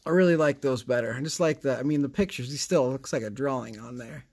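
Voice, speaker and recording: A man's voice: medium pitch, fast talker, darkish tone, husky. A man hosting a casual card-opening vlog, chatty and rambling, with a sarcastic streak. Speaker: card collecting channel host.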